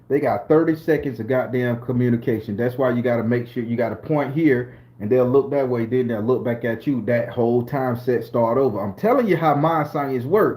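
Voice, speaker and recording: A middle-aged man from southern Florida with a Southern US accent tells a story to camera as a channel host. His mid-range voice has a darkish tone, and his delivery is slangy, profane and streetwise.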